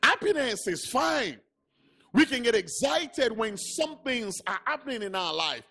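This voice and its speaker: A man's voice: very high-pitched, big pitch swings, measured pace, bright, forceful tone. A man with a Nigerian English accent preaching a sermon as pastor, emphatic and repeating words for stress. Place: church.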